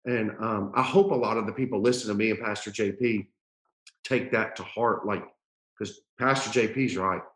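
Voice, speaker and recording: A man with a fairly low voice tells a personal story in a casual, earnest way, stopping and restarting often. His voice rings in a roomy, echoey space. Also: steady tone, moderate pace, fairly bright tone. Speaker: podcast host. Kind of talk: casual conversation.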